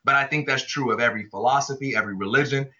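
Forceful, passionate man on a podcast. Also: medium pitch, very fast. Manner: passionate, emphatic arguing. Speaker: podcast co-host. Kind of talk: casual podcast chat. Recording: dull lo-fi audio.

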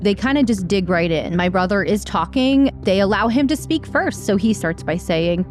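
A woman's voice: medium pitch, animated, moderate pace, hardly any pauses, soft background music. A woman telling her own story in an earnest, emphatic and candid way, as a victim advocate. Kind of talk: personal testimony storytelling.

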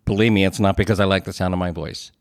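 A man's voice: sits low, steady tone, rapid-fire, dry recording, studio quality. Chatty man with a Philly accent. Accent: Philadelphia. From Philadelphia area. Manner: chatty, self-deprecating, rambling asides. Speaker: podcast co-host. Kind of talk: casual podcast chat. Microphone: podcast studio mic.

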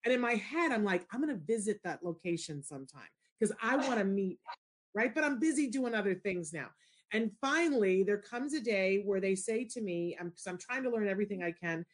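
Expressive woman telling a lively story. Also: brisk. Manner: expressive, shifts into high excited squeals when retelling. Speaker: show host. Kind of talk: animated storytelling in casual chat.

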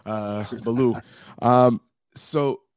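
A man's voice: lowish voice, a little fast, dry recording. Showy male podcast host, dry voice. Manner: showy announcer-style intro, then casual. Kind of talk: podcast interview.

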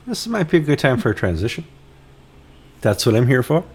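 A man's voice: mid-range voice, big pitch swings, fairly quick, noisy background. A man hosting a casual chat, jokey and self-deprecating. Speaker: host.

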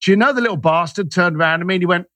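A man's voice: high voice, very fast, fairly bright tone, dry recording. A man, a guest in an interview, telling stories animatedly and acting out the dialogue he quotes. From Irish, raised in East London. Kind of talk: storytelling interview talk.

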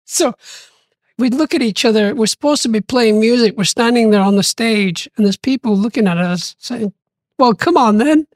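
Brief: older male guest, lively storyteller who acts out quoted voices, recorded dry and close. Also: high-pitched, normal speed, no echo. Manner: animated, acts out quoted voices, laughs often. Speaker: interview guest. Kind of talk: storytelling interview.

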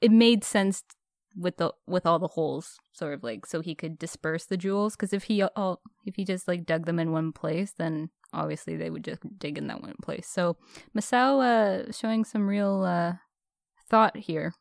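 Lady cohost chatting, lowish voice, dry close sound, restarts a lot. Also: normal speed, vocal fry, no echo. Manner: chatty, restarts sentences, laughs often. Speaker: podcast co-host. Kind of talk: casual chat.

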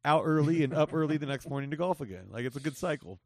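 A man's voice: fairly high pitch, expressive, fast talker, dry recording. A man in his forties hosting a podcast, chatting loosely with a friend in a profane, joking way. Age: 40s. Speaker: podcast host. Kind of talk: casual chat. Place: Las Vegas.

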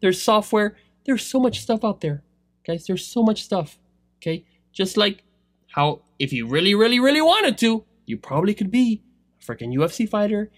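A man giving a rambling motivational talk about online selling, swinging between loud pushes and low asides. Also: sing-song, normal speed, no echo, studio quality. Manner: rambling, filler-heavy. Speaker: online seller coaching others.

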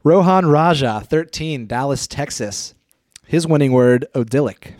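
Casual podcast host, man, mid-pitched, laid-back, dry close mic. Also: darkish tone, dry recording. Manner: laid-back, reads clues haltingly with fillers and laughs. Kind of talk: casual chat, quizzing a co-host.

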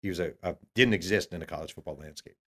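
A man with a fairly low voice talks as a guest author. He tells his stories with energy and acts out the quotes of other people, with plenty of ums and uhs. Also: fast talker, pushed and bright. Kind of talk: animated storytelling.

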